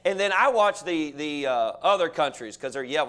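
A man preaching a sermon, telling folksy stories and building to animated preaching. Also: high voice, brisk, some chatter behind.

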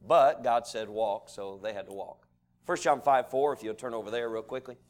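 A man preaching a sermon, telling folksy stories and building to animated preaching. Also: mid-range voice, moderate pace.

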